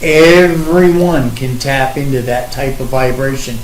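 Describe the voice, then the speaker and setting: A man in a spiritual sharing session, calmly agreeing and explaining in measured phrases. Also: medium pitch. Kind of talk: affirming, reflective spiritual talk. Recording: echoey room with faint background noise.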